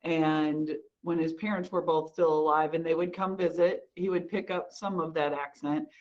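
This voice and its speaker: A woman with a lower voice tells an animated personal story on a video call. The audio is dull and lo-fi. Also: moderate pace. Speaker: panel participant. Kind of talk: casual anecdote on video call.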